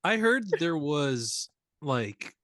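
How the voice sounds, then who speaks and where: A man in casual podcast chat, asking hesitant, halting questions. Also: fairly high pitch, sing-song, fairly bright tone, no room sound, studio quality.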